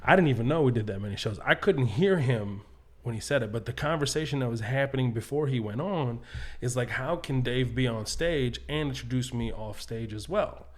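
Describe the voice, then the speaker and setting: A man spins a lively backstage story in easy podcast chat. He drops into other people's voices as he quotes them and laughs often. His pitch sits right in the middle for a man. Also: fairly quick. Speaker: comedian guest.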